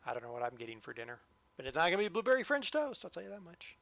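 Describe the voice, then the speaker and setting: Male streamer, bright and slightly high voice, dry close sound, playful running commentary. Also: sing-song, very fast, gravelly, no echo. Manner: joking, talks to the train. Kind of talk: live-stream gameplay commentary.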